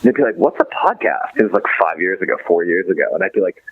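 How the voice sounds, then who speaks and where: A man in his thirties, a podcast guest in casual interview chat, rambling with many fillers and restarts and swinging between excited and somber. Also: deep voice, racing, no echo. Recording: dull lo-fi dry recording.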